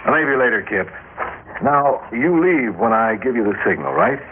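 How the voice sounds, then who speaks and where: An actor playing a brash, scheming male TV manager in an old radio drama, talking fast and eagerly. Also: medium pitch, very animated. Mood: brisk. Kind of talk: 1950s radio drama acting. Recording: tinny old radio broadcast, faint hiss.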